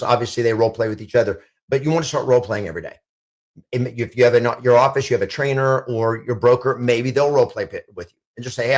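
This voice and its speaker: Man, middle-aged, real estate coach, motivational talk, punchy, repetitive, direct. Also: medium pitch.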